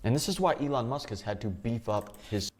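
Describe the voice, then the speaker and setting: A man's voice: medium pitch, expressive, fairly quick, faint music behind. A man narrating a commentary video in a matter-of-fact, mocking way. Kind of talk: scripted commentary.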